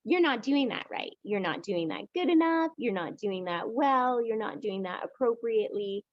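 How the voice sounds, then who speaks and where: A woman putting on a nagging, high-pitched monkey critic. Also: expressive, moderate pace, dry recording, muffled recording, close to an everyday voice. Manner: fault-finding, repetitive.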